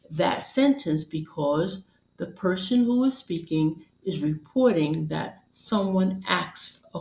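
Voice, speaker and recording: A woman reads a scripted grammar lesson at a slow, careful pace, spacing out each phrase. Her voice sits a little low and carries a roomy echo around it. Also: creaky, a little mellow. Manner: measured, deliberate, instructional. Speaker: teacher.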